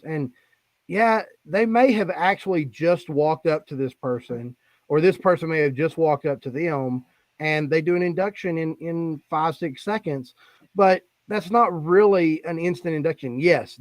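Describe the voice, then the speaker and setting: A man's voice: a little high, normal speed, no echo. A man who is a guest hypnotist on a live online show, explaining techniques in a matter-of-fact way over a video call. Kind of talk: casual live-stream chat.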